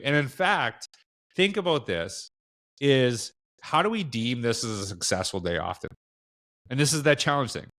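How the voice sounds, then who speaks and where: A middle-aged man with a Canadian accent chats as a podcast guest. His pitch sits in an ordinary middle range. He rambles loosely, full of fillers and self-corrections. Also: expressive, moderate pace, sharp tone. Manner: rambling, lots of fillers and restarts, acts out quoted dialogue. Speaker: podcast guest, education speaker. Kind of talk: casual interview chat.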